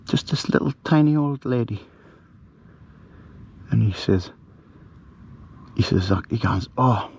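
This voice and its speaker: A man's voice: medium pitch, lively intonation, takes it slowly, creaky, pauses often, a little mellow, breathy edge. Rambling man, camping at night. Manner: rambling, chatty, full of fillers and restarts. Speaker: camper vlogger. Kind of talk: casual storytelling to camera. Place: outdoors at night in a bivvy bag.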